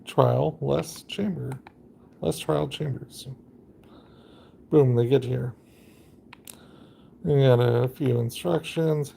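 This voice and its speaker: A man's voice: mid-range voice, steady tone, slow, creaky, pauses often, warm tone, breathy edge. A man casually narrating his game during a live stream, rambling and chatty with lots of fillers.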